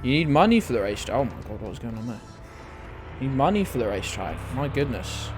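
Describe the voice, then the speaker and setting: Man, game streamer, casual running commentary, swears a lot, talks to chat, medium pitch. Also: sing-song, brisk, faint music behind. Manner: chatty, swears freely, reads out and answers chat.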